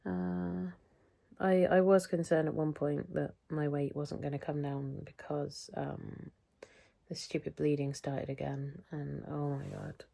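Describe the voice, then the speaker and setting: A woman's voice: low-pitched, level tone, unhurried, gravelly, dark tone. A middle-aged British woman talking through a casual weekly health update vlog, rambling and chatty, often interrupting herself. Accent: British English. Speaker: vlogger.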